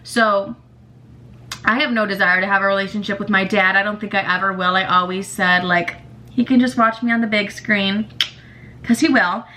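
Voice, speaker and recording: A woman's voice: mid-range voice, steady tone, normal speed, sharp tone. A young woman hosting a podcast, talking bluntly and emotionally about her family and swearing freely. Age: young adult. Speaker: podcast host. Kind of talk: candid personal monologue.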